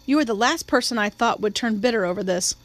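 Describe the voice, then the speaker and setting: A woman's voice: fairly high pitch, animated, fast talker, natural voice. A stern, proper aunt speaks primly and with disapproval, voiced by a woman reading the book. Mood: disapproving.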